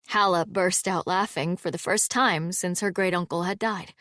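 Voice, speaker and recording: A woman narrating a fantasy audiobook in an even, measured storytelling manner. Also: on the low side, no room sound, clean studio sound.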